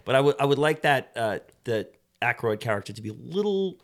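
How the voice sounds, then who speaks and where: A man's voice: medium pitch, big pitch swings, fairly quick. A man co-hosting a casual movie podcast, thinking aloud in long, rambling turns. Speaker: podcast co-host.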